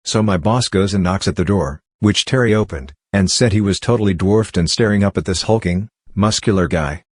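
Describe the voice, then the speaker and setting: A man narrating online stories aloud in a steady, even reading voice. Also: sits low, fairly quick, dry recording, studio quality.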